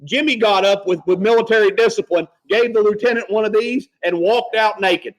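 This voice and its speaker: A former Marine telling profane, animated service stories on a casual podcast. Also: male voice, sits high, fairly quick, poor audio. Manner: profane, animated storyteller acting out quotes.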